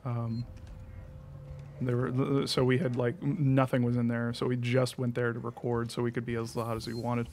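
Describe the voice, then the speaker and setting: A man's voice: medium pitch, completely flat delivery, normal speed, darkish tone, a little hiss or hum. A young man streaming a game, chatting in a rambling way, swearing freely and laughing often. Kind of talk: casual chat while playing.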